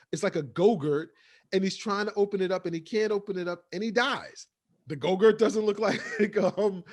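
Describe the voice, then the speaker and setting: A man with a notably high voice co-hosts a casual TV review podcast. He recaps scenes in a loose, rambling way, leaning on "like" and "um" as he goes. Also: a little mellow. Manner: rambling, filler-heavy recap. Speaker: podcast co-host.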